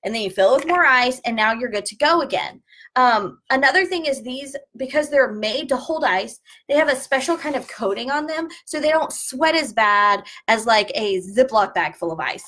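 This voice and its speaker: A woman's voice: a little high, animated, moderate pace, sharp tone. Chatty woman unboxing a subscription box. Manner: chatty, jokey, explains tips. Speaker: former flight attendant, subscription box reviewer. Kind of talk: casual unboxing review.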